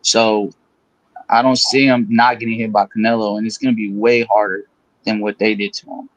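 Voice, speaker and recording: A man on a panel chat, halting, using casual slang. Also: on the low side, little pitch movement, no room sound, highs cut off.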